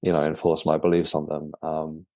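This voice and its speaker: A man, a guest and author, telling his story in a casual interview, halting and often repeating words. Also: extremely low pitch, completely flat delivery, dark tone, no echo, studio quality.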